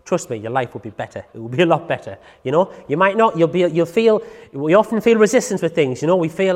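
Brief: man, dog trainer, chatty and clownish, talks fast, reverberant hall. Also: a little high. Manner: chatty, animated, self-styled clown, repeats "you know what I mean". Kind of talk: informal teaching talk.

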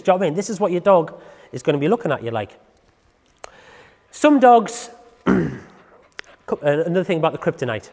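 A man, a dog trainer giving a chatty, animated informal talk that is full of asides. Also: a little high, normal speed, vocal fry, long pauses, in a large hall. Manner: chatty, animated, self-styled clown, repeats "you know what I mean".

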